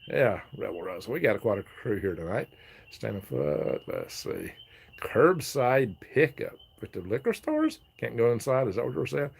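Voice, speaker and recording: A man's voice: on the low side, gravelly, breathy edge. A man hosting a casual live stream, reading viewer comments aloud, chatting and laughing often. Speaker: livestream host reading chat.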